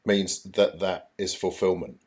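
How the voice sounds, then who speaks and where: A middle-aged man, co-hosting a podcast in casual chat and often clearing his throat. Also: deep voice, a little slow, darkish tone. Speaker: podcast co-host.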